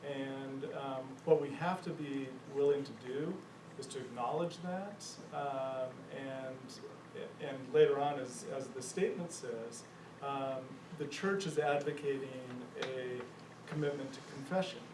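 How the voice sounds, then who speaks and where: A man's voice: mid-range voice, unhurried, background noise. Man leading a church group talk, echoey. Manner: thoughtful, searching, with many um and uh. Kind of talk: church adult forum discussion. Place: church meeting room. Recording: echoey room mic from far off.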